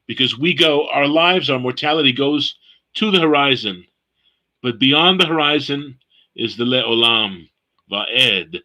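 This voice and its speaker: A man leading a Bible study, explaining Hebrew word meanings slowly and repeating key phrases as he teaches. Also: mid-range voice, expressive, pushed and bright, poor audio. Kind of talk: teaching a scripture study session.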